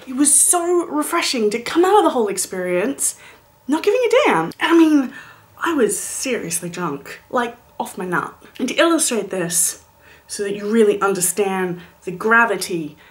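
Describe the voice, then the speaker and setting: A woman in her late twenties telling a comic story in a vlog, animated and playful, with dramatic whispered asides. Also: fairly high pitch. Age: late 20s. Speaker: vlogger.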